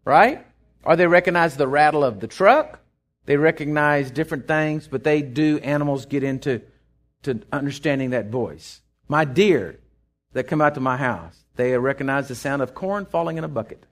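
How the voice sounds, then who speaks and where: A middle-aged man with a Texan accent, preaching a sermon in a folksy storytelling way, swinging from loud to hushed. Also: fairly high pitch, moderate pace. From Texas. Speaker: pastor.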